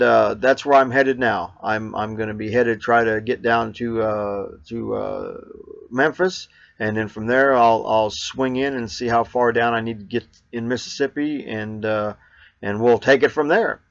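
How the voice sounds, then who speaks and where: A man's voice: mid-range voice, measured pace, vocal fry, no room sound. A man hosting his own RV travel show, chatting casually and rambling with lots of fillers and restarts. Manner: gets loud and upbeat in the sign-off. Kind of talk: casual vlog chat. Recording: dull, dry lo-fi sound.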